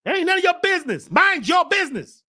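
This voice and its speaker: A man hosting a spiritual talk show, preaching with fire, shouting at times and then dropping to a hush. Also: very high voice, big pitch swings, quick pace. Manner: preachy, swings from shouting to hushed. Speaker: host.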